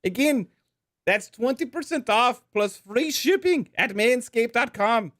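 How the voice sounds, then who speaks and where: A man's voice: extremely high pitch, animated, unhurried, fairly bright tone, no echo, clean studio sound, pitched above the performer's own voice, full character voice. A man putting on an exaggerated, hammy Irish accent to read a sponsor spot on a podcast. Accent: put-on Irish. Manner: hammy, self-mocking.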